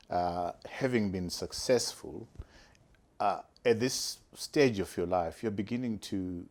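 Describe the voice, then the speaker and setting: A male interview host with a fairly low voice. He poses his questions haltingly, restarting phrases and filling gaps with "um" as he searches for words. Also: a little mellow. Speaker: talk show host.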